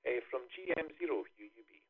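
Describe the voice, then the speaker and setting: A man's voice: medium pitch, lively intonation, fast talker, husky. A Scottish man hosting a ham radio net, chatting in a rambling way with many fillers. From Scotland. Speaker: net host. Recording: tinny radio link.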